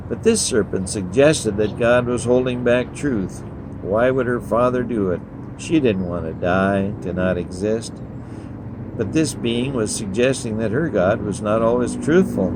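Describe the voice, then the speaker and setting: A man reading a retelling of a story aloud in a reflective, measured way. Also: on the low side, background noise.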